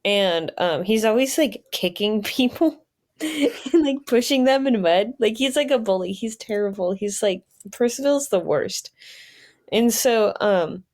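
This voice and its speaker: A woman's voice: a little high, expressive, unhurried, darkish tone. A woman podcast host telling an improvised story in a casual, giggly way with many fillers.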